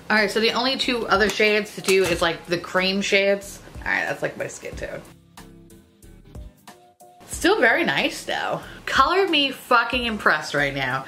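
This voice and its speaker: A young woman reviewing makeup in a casual vlog, excitable and profane, gushing over products. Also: medium pitch, a little slow, soft background music. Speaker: beauty YouTuber.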